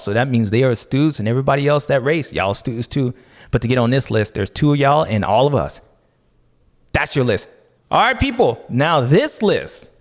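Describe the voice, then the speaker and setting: Animated man with a lively voice. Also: mid-range voice, big-room sound. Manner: animated, slangy, joking. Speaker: podcast host. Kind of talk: casual podcast commentary.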